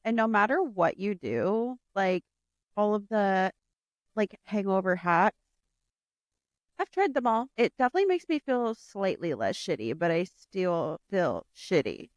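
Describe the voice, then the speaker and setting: A woman's voice: medium pitch, very animated, unhurried, no echo, clean studio sound. A woman co-hosting a podcast in casual chat, joking and chiming in with quips.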